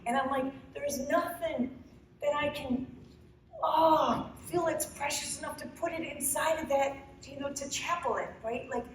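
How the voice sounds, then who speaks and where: A middle-aged woman painter speaks to a live crowd, earnest and emotional, stumbling through her thoughts and restarting often. Her voice sits fairly high. She is picked up from a distance in a very echoey hall with faint noise behind. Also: normal speed. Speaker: painter giving a demo talk. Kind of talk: emotional, rambling live talk to an audience.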